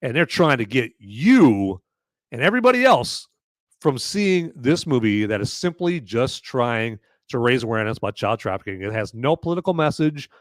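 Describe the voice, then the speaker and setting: Very animated and at a normal speed, this man's mid-range voice is recorded with clean studio sound and no room sound. He hosts a live-stream podcast reviewing a movie, rambling in a casual way, often repeating words and adding "okay?" to his points, while thanking viewers by name for donations.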